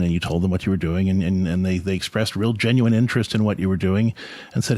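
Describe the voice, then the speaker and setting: A man's voice: deep voice, big pitch swings, fast, darkish tone, dry recording. A middle-aged man hosting a podcast, giving an earnest, conversational reflection on faith and parenting. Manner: earnest, conversational, repeats words when restarting. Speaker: podcast host, Catholic family counselor.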